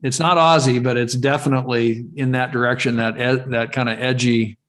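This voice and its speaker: A man's voice: mid-range voice, fairly even intonation, a little fast, a bit bright. A man from California hosting a live webinar over a video call, rambling casually with many fillers and restarts. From California, USA. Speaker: webinar host.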